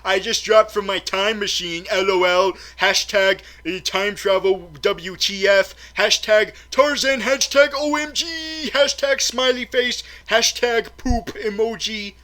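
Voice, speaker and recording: A chirpy millennial young woman, as a man puts her on, bubbling along in internet slang. Her voice is high, bright and breezy. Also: unhurried, hardly any pauses. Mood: bubbly.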